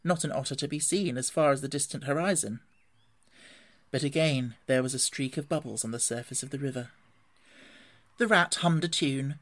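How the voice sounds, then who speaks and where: A man reading a classic storybook aloud in an expressive, gently animated way. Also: mid-range voice. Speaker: narrator.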